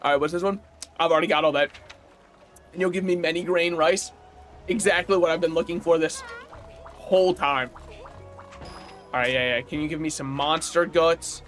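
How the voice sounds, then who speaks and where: A man's voice: on the high side, fairly even intonation, moderate pace, long pauses, a bit bright, faint music behind. A man streaming a video game, chatting casually in a rambling, opinionated way and chuckling often. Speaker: gaming streamer. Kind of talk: casual livestream chat while playing.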